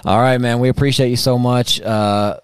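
A man's voice: mid-range voice, fairly even intonation, moderate pace, clean tone, no room sound, studio quality. A man co-hosting a podcast, chatting casually in a rambling, jokey way. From United States. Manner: laid-back, rambling, jokey. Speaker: podcast co-host. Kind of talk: casual chat.

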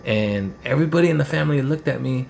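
A man's voice: medium pitch, animated, fast, gravelly, a little mellow, a little hiss or hum. A man, telling a personal story in a rambling, heated, profane way. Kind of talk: casual storytelling.

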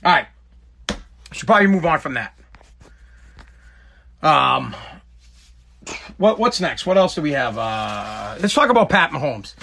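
A man with a high, bright voice riffs on whatever comes to mind. His delivery is blunt and chatty, with quick jokes and asides. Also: big pitch swings, gravelly, a little hiss or hum. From Boston, New England. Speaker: vlogger. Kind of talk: casual rambling monologue.

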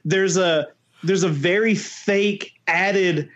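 A man's voice: high voice, takes it slowly, fairly bright tone, dull audio. A man co-hosting a casual podcast chat, teasing his friend in a dry, matter-of-fact way. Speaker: podcast co-host.

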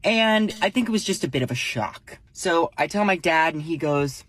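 A woman's voice: low-pitched, very animated, brisk, few pauses, breathy edge, no room sound. A woman and social media creator telling a joking story, playfully acting out quoted lines.

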